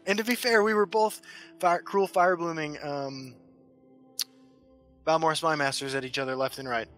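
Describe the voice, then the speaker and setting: Excitable man telling stories on a podcast. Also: a little high, moderate pace, faint music behind. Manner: excitable storyteller, stammering restarts, laughs often. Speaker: podcast co-host. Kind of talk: casual podcast chat.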